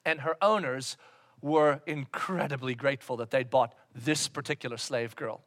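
A man preaching a sermon in an animated way, breaking into shouted acted-out lines. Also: mid-range voice, normal speed. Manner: animated, acts out voices with sudden shouts. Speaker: pastor.

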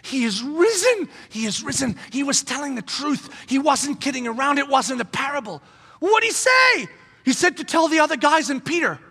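Man preaching a sermon, high bright voice, animated storytelling, dropping to whispers, long reverb of a big hall. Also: normal speed. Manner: animated storytelling, swinging from loud to hushed whispers. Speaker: pastor.

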